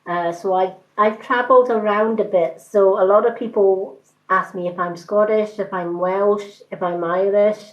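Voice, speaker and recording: A woman in her fifties with a mixed British accent, giving a card reading on a live stream in an unhurried, hesitant, reassuring way with many ums. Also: medium pitch, fairly even intonation, highs cut off. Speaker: tarot card reader.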